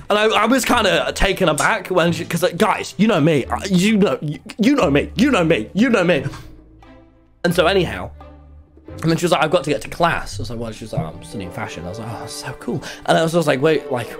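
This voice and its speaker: This is a young man, chatting casually as he tells a story. His voice sits a bit high and swings widely, excitable and rambling, with frequent fillers. Faint music plays in the background. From England. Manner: rambling, excitable, many fillers and sudden yelps. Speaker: streamer telling a story.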